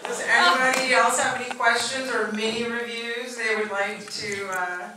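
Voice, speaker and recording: A woman moderating a film Q&A, briskly calling on audience members. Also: on the high side, steady tone, pushed and bright, a faint crowd. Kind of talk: hosting audience questions. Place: large cinema theater. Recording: noisy, echoey theater from far off.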